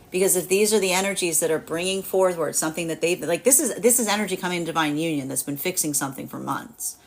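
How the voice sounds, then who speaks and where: A woman's voice: lowish voice, fairly bright tone. A young woman giving a live tarot reading, rambling with many fillers and frequent laughs. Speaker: tarot reader.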